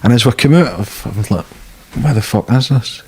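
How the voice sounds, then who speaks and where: A man's voice: medium pitch, lively intonation, fairly quick, darkish tone, husky. A Scottish man, a guest in an interview, telling stories in a blunt, casual way with plenty of swearing. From Scotland. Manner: blunt, swearing freely, laughing at his own stories.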